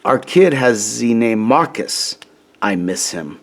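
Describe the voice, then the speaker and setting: A theatrical toy ocean explorer with a put-on French accent, as a man reading a storybook plays him. He is gallant and earnest, speaking slowly and with drama, in an unhurried storybook delivery. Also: medium pitch, animated. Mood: wistful.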